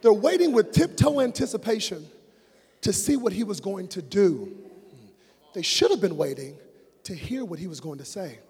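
A male preacher giving an animated sermon, moving between hushed storytelling and shouted, drawn-out phrases. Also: sits high, breathy edge. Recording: long reverb of a large hall.

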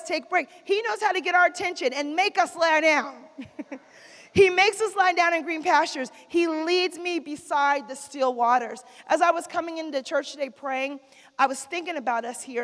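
A woman preacher with a high voice delivers a sermon, drawing call-and-response from the congregation and repeating key lines. Her voice rings with the long reverb of a big church hall. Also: a bit bright.

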